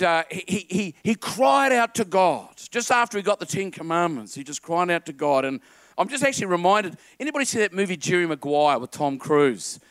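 A man preaching a lively sermon to a congregation, quoting film lines and getting the crowd to repeat after him. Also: a little high, no echo. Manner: animated, quotes film lines and calls on the congregation.

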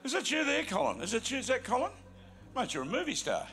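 A man's voice: extremely high pitch, huge pitch swings, quick pace, fairly bright tone. A man with an Australian accent, a guest pastor joking with a congregation in a jovial, teasing way before preaching. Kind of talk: sermon opening with banter. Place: large church auditorium with congregation. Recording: live church recording with crowd noise. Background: congregation noise.

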